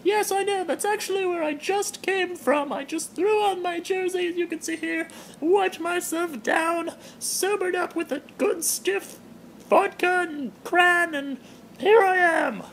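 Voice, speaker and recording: A man voicing a boozy, partying middle-aged female giraffe pop star in a high, drawn-out, self-satisfied falsetto. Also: creaky, fairly bright tone, a little hiss or hum, full character voice, low-quality recording.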